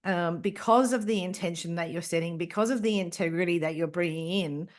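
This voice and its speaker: A woman's voice: lowish voice, a little fast. A woman hosting a podcast, speaking reflectively and hesitantly. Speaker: podcast host. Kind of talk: podcast conversation.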